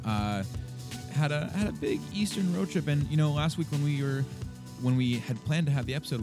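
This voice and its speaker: A man co-hosting a casual sports podcast, laid-back, laughing often and using lots of filler words. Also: medium pitch. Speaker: podcast co-host.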